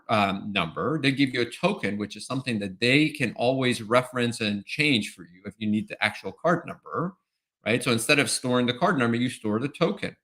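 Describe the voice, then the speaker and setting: A man's voice: medium pitch, a bit bright. A man answering as an expert guest in a webinar interview, explaining step by step and often checking in with "right?". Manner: explanatory, tags points with "right?".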